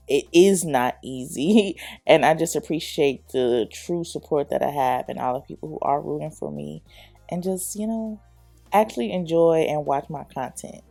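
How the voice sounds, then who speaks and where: A young woman, chatty and quick to laugh, talks the viewer through a hairstyle. Her voice sits a little low, with a gravelly edge and a warm, mellow tone. Soft music plays under her. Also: dry recording. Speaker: hair tutorial vlogger. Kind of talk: casual chatty voice-over tutorial.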